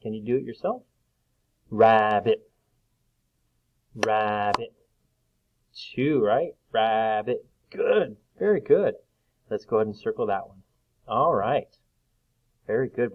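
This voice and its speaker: A man's voice: medium pitch, dull audio. A man teaching a recorded reading lesson to young children, patient and sing-song as he claps out syllables.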